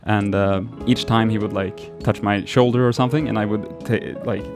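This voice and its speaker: A low-voiced man tells a story to his camera in a loose, rambling way. He restarts his sentences often and swears offhandedly. Guitar music plays clearly in the background. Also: steady tone, moderate pace. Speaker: vlogger telling a story. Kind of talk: casual story time. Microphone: camera mic.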